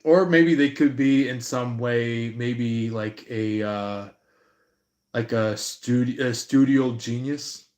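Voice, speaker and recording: A man giving an intuitive reading on a live stream, slow and halting, with many fillers and restarts. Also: mid-range voice, darkish tone, echoey room. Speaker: tarot reader.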